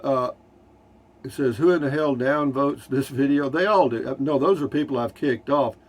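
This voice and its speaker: An older Texan RV vlogger with a medium-pitched voice speaks at normal speed from inside a Class C motorhome. He casually reads viewer comments, rambling in a folksy way with dry humor.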